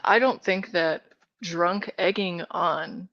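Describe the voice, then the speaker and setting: A woman's voice: on the low side, slow pace, a bit bright, no room sound, dull audio. A woman arguing in an online voice chat, sarcastic and cutting, swearing. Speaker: participant in a heated online voice chat. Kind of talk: argumentative voice chat.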